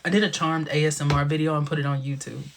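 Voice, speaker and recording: A young man hosting a casual livestream, chatty and animated, who laughs often and sometimes drops into a whisper. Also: on the high side, quick pace, gravelly, background noise. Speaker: livestream host.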